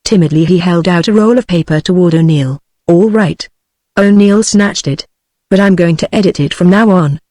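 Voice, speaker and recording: A text-to-speech female voice with a British English accent narrates a novel as an audiobook in an even, steady delivery. It sits on the low side at normal speed, recorded cleanly in a studio with no room sound.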